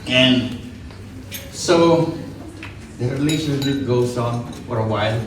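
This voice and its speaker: Filipino father of the bride, echoey hall. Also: medium pitch. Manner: halting, joking and emotional. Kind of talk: wedding speech. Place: wedding reception hall. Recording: echoey and distant, loud crowd noise.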